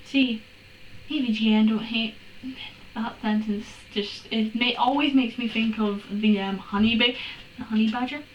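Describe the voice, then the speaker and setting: Sarcastic woman, fairly high voice, reading and roasting a story in a roomy, off-mic recording. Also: fairly even intonation, a little slow, dull audio. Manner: exasperated, sarcastic, swears and laughs. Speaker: fanfiction reader. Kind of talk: comedic dramatic reading with commentary. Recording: roomy room, distant from mic, faint hiss.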